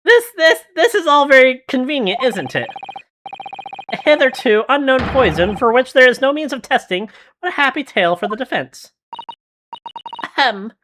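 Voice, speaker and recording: A woman's voice: sits high, sing-song, moderate pace, fairly bright tone, slight background noise. A woman voicing a haughty, scornful aristocratic English lady in a game, with a put-on English accent and a theatrical, sneering delivery. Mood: indignant. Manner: theatrical, sneering, dramatic reading. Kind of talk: reading game dialogue aloud.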